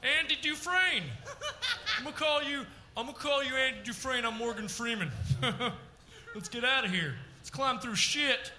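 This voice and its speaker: A man's voice: extremely high pitch, moderate pace, sharp tone, a little hiss or hum. A man doing live character comedy on a club stage, rambling and blustery like a brash dad working the crowd. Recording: echoey live club room.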